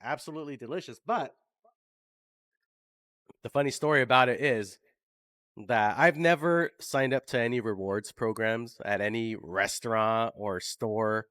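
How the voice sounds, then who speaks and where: A man's voice: mid-range voice, a little slow, a bit bright, dry recording, studio quality. A man hosting a podcast, chatting casually and upbeat, telling stories with filler words. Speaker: podcast host. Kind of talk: casual interview chat.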